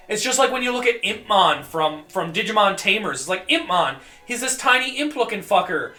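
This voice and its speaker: A man streaming a video game, rambling and joking with profanity, often coughing and clearing his throat. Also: sits high, big pitch swings, normal speed, sharp tone, reverberant, soft background music. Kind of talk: casual gameplay commentary.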